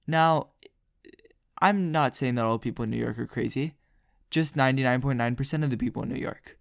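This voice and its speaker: Young male vlogger, gravelly voice, dry close sound, rambling storytime delivery. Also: medium pitch, dry recording. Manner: rambling, jokey, laughs often. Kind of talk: casual storytelling.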